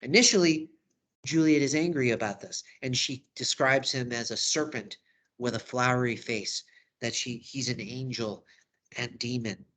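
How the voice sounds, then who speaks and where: A man's voice: mid-range voice, moderate pace, fairly bright tone. A man teaching drama, walking through a study guide in a casual, conversational way. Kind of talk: lesson recap video.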